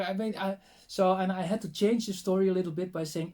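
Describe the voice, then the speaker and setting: Middle-aged man, animated interview storyteller, fairly high voice. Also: brisk, few pauses. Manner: animated storyteller, many fillers and restarts, acts out quoted dialogue. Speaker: linguist interviewee.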